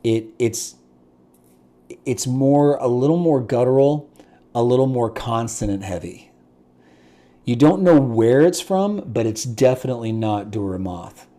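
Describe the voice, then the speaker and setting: A man's voice: medium pitch, expressive, measured pace, dark tone. A man narrating as game master of a tabletop game, with many hesitations and fillers.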